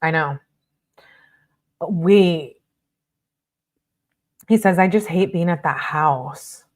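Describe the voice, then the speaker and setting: Lowish-voiced woman reading out texts on stream, stops to chat with viewers in between. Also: drawn-out words. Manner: reads messages flatly, breaks off to chat with viewers. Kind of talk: casual live-stream commentary and reading aloud.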